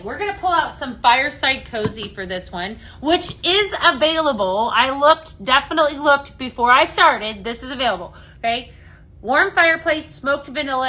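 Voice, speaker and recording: Woman, Midwest-raised, live-sale host; enthusiastic, chatty, slightly raised pitch. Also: bright, forceful tone, a little hiss or hum. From American Midwest. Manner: chatty, enthusiastic, greets viewers by name. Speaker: home fragrance consultant hosting a live sale. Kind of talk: casual live-stream product demo.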